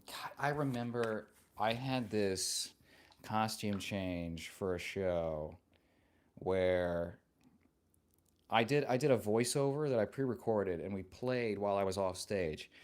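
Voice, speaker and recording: A man with a slightly low voice hosts a relaxed live stream and chats with his viewers. He reads their comments aloud and answers with playful, joking warmth. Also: takes it slowly.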